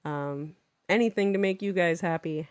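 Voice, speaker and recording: A woman teacher giving an unscripted walkthrough of her classroom games. She talks in a chatty, playful way, drops in quick French examples, and teases herself in small asides. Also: on the low side, no room sound, studio quality. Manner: jumps into lively French examples while explaining.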